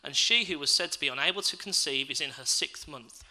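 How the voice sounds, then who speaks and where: A man's voice: a little high, brisk, bright, forceful tone, low-quality recording. A man preaching a sermon, reading scripture and then reflecting aloud and asking his listeners questions.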